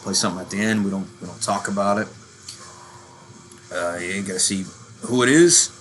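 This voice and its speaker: A man's voice: low voice, a little fast, fairly bright tone. Profane rambling working-class man. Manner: profane, rambling, self-described hillbilly. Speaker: metal channel host. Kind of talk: casual rant.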